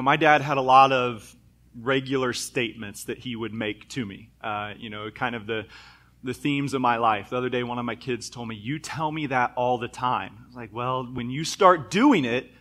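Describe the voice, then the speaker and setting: A man's voice: mid-range voice, bright, forceful tone. A man in his thirties preaching a sermon in a church, reading scripture and telling stories from his childhood in a conversational, self-deprecating way. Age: 30s. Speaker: pastor. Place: church sanctuary.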